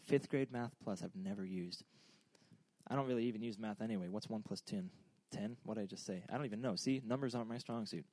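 A man's voice: fairly low pitch, fast talker, a little mellow, dry recording. A young man giving a humorous, casual sermon in a joking, rambling, self-deprecating way. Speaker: preacher.

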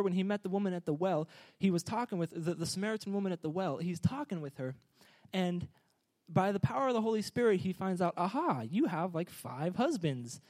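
A man preaching a sermon, energetic and joking, urging the congregation to answer back. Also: high voice.

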